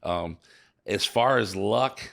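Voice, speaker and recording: Gravelly low-voiced St. man. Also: fairly bright tone. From St. Louis, USA. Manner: halting, repeats words, emotional and earnest. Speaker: business owner guest. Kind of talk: casual interview.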